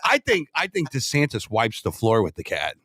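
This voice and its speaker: Animated man in casual political banter. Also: lowish voice, moderate pace, no room sound, clean studio sound. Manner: animated, does mocking impressions. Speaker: co-host.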